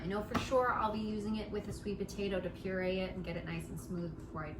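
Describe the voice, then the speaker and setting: A woman with a fairly low voice hosts a home baking show, working through a recipe in her kitchen. She chats playfully with the viewer as she goes, in a casual cooking demonstration. Heavy background noise runs through the clip.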